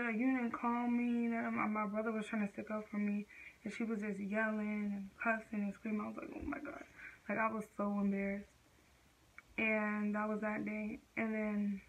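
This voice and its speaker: A woman's voice: mid-range voice, a bit bright, rough recording. A teenage girl vlogger telling a personal story in casual, slangy speech full of fillers.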